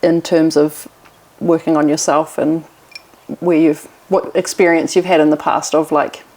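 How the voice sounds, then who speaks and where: Australian woman, podcast host, chatty and upbeat, lowish voice. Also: little pitch movement, unhurried, darkish tone, rough recording. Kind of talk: casual podcast chat.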